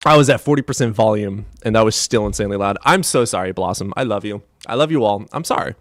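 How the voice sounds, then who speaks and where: A man from the US Midwest live streaming, chatting in a profane, animated way that swings between loud outbursts and low mutters. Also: fast, no room sound, clean studio sound. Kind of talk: casual livestream chat.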